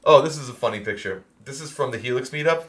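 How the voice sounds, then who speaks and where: A man with an American accent hosting a podcast, chatting casually with lots of fillers and bursts of excited laughter. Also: medium pitch, fast talker. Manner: animated, laughing storyteller, many fillers. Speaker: podcast host. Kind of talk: casual chat.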